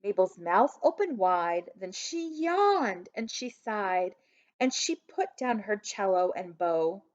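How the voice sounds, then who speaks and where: A woman teacher reads a rhyming picture book aloud in an unhurried, sing-song voice, slipping into quiet asides for young listeners. Her pitch rises and falls with lively swings. The recording is dull and lo-fi.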